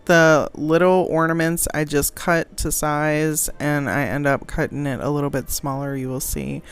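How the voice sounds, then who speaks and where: A woman's voice: sits low, little pitch movement, moderate pace, clean tone. A woman talking through a craft tutorial in a casual voice-over, chatty and giggly, often poking fun at herself. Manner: chatty, giggly, self-deprecating. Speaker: crafting vlogger.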